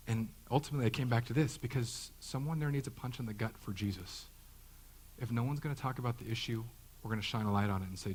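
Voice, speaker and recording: A man's voice: fairly low pitch, fairly even intonation, brisk, slightly rough, rough recording. A man in his thirties, a pastor giving a conversational sermon, joking and acting out the voices he quotes. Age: 30s.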